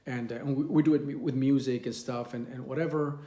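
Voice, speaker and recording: Man, meditation teacher, rambling casual talk, mellow voice, roomy echo. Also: mid-range voice, fairly even intonation, fairly quick. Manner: rambling, many restarts and fillers; mimics others in quoted asides.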